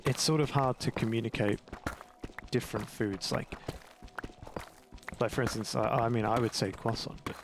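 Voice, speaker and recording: A man's voice: medium pitch, fairly even intonation, normal speed, creaky, pauses often, background noise. A young English man with an English accent chatting in a rambling, self-mocking way while commentating his gameplay. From England. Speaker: gaming YouTuber. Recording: game music playing behind.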